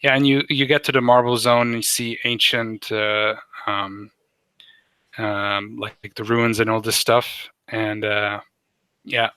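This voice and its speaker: Game master guy, lots of um and uh, bright dry voice. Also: fairly low pitch, level tone, a little slow, smooth, no echo. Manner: rambling, filler-heavy. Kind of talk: narrating a tabletop game.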